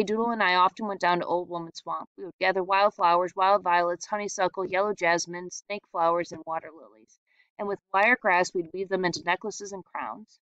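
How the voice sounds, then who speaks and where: A woman reading a short story aloud in a steady, reflective storytelling manner. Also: fairly low pitch, smooth, dry recording. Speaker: reader. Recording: dull lo-fi sound.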